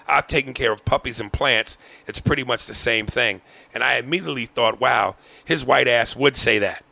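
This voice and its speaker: A man hosting a podcast, reading a listener's email aloud in a profane, animated way. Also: mid-range voice, vocal fry, no room sound. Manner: profane, animated, breaks into laughter. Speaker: podcast host.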